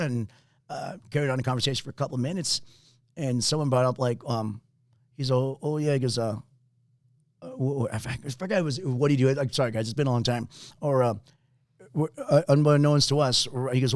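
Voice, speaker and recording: A man's voice: mid-range voice, quick pace, darkish tone, no echo, studio quality. A man hosting a podcast, telling a rambling story in casual chat, swearing often and laughing along. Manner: rambling, swears a lot, laughs at own stories. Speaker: podcast host.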